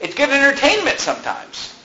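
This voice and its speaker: A male pastor with a high, bright and forceful voice delivers an animated sermon, talking to the congregation in a conversational way and throwing out rhetorical questions. The sound is roomy, with faint background noise. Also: fairly quick, muffled recording. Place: church.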